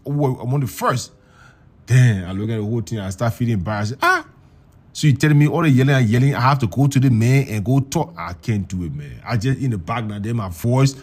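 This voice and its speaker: A young man telling a story in a casual, animated way, repeating words and acting out the voices of the people in it. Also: mid-range voice. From Liberia.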